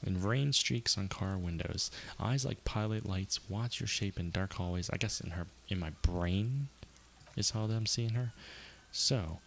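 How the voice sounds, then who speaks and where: A man's voice: fairly low pitch, measured pace, vocal fry, a bit bright, a little hiss or hum. A man streaming a live game playthrough, reading the on-screen text aloud with wry, chatty asides.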